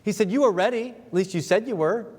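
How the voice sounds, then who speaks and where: A man's voice: high-pitched, fast talker, darkish tone. A man preaching a sermon as pastor, talking in an emphatic, conversational way and acting out quotes in little voices. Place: church sanctuary. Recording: reverberant church sanctuary.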